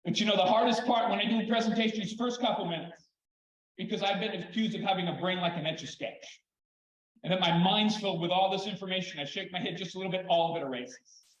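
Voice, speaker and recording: An older man and children's therapist giving a conference talk, telling stories in an animated way with dramatic pauses. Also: sits high, a little hiss or hum. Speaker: keynote speaker, children's therapist. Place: large conference hall. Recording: echoey hall, slightly dull sound.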